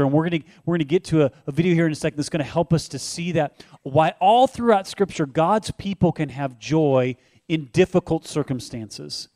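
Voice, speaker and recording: Pastor guy talking easy and conversational, kinda high voice, dry mic. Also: dry recording. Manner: warm conversational preaching with fillers. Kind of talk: sermon co-hosting.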